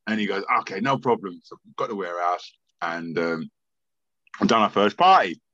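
With a low voice at a normal speed, a man with a London accent tells a long story as a guest on a casual podcast, animatedly mimicking others and often stammering back to the start of his sentences. The audio sounds dull and has no room sound.

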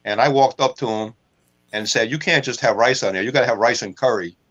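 A man's voice: mid-range voice, a little fast, fairly bright tone, lo-fi sound. A man co-hosting a casual podcast, telling long rambling anecdotes and laughing at his own jokes. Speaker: co-host.

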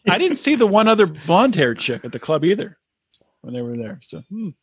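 Higher-voiced man speculating aloud. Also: very animated, fairly quick, breathy edge, no room sound. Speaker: podcast co-host. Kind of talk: casual chat.

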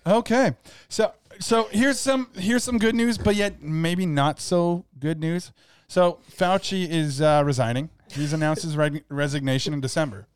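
A man with a high-set voice chatting on a podcast, relaxed and quick to laugh. He tosses in short answers and steers to new topics. The recording is dry and close. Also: clean tone, no echo. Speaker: podcast co-host. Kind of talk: casual podcast banter.

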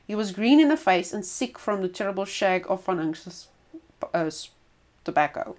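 A woman reading a folk tale aloud in an expressive storyteller's voice. She stumbles now and then and restarts a word, at a middling pitch for a woman. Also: normal speed.

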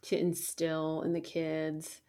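A woman's voice: sits low, monotone, slow pace, warm tone, smooth. A woman in her thirties chatting casually and candidly about parenting, swearing freely and restarting her sentences often. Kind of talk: casual chat.

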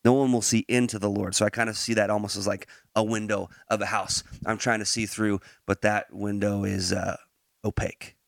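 A lower-pitched man hosts a podcast and eases from casual chat into a Bible teaching. He talks in a relaxed way, laughs readily and pauses on fillers and restarts. The sound is dry and close, with no room echo. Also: creaky.

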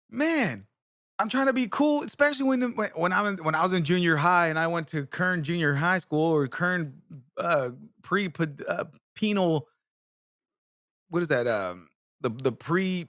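A man with a somewhat high voice rambles through a comic story, swearing freely and restarting his sentences. The sound is dry and close, with no room around it. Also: fairly bright tone, no room sound. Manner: rambling, profane, many restarts. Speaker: show host. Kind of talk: comedic storytelling.

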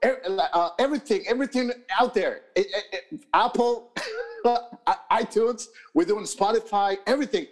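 A man from New York co-hosts a podcast in a studio, his casual talk profane and rambling, with many fillers and restarts. His voice sits high and he speaks at normal speed.

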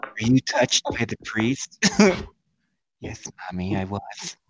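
A man's voice: fairly low pitch, big pitch swings, takes it slowly. Laughing man doing raunchy banter. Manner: laughs often, joking and raunchy. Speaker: podcast co-host. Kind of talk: crude comedic banter and fake ads.

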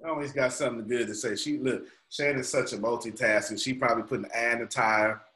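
A man's voice: medium pitch, fairly even intonation, a little fast, bright, forceful tone, roomy sound, low-quality recording. A man coaching a group call, preaching his points in an emphatic, colloquial way. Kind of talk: motivational teaching on a call.

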